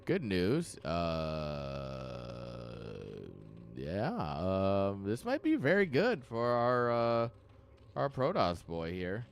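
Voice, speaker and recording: A man's voice: fairly low pitch, very animated, very slow, a little hiss or hum. A man giving casual live commentary on a strategy game match, dry and sarcastic, rambling with lots of fillers. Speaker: esports caster.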